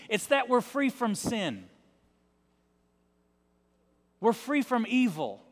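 A male pastor giving a sermon in an emphatic, repetitive style, dropping into soft tones for effect. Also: very high voice, very animated, normal speed. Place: large church. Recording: long reverb of a large church.

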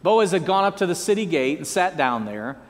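A man's voice: a little high, a little fast, long reverb tail. A man preaching a sermon as pastor, with joking asides and prompts for the congregation to repeat after him. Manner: lively, joking asides and call-and-response prompts.

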